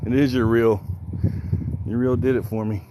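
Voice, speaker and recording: A man's voice: mid-range voice, steady tone, normal speed. A man chatting casually with viewers on a live stream, joking, a little out of breath. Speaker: fishing streamer. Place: outdoors by the water. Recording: outdoor noise in the background.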